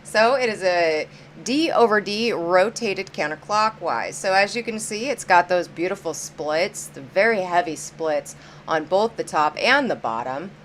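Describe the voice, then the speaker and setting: A woman's voice: lowish voice, animated, measured pace, fairly bright tone, slight background noise. A woman hosting a live-stream auction, chatty and upbeat, greeting viewers by name as she counts down bids.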